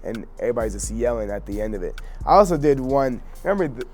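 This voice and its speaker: A man's voice: medium pitch, lively intonation, quick pace, darkish tone. A young man and actor chatting casually, easygoing, often saying "so, yeah". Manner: easygoing, says "so, yeah" a lot. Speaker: actor and co-host asking questions. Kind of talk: casual chat.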